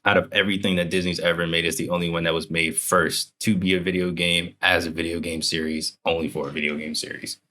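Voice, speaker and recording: A man's voice: low-pitched, little pitch movement, fast, hardly any pauses, pushed and bright. A young man co-hosting a podcast, chatting casually in a rambling, joking way. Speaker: podcast co-host.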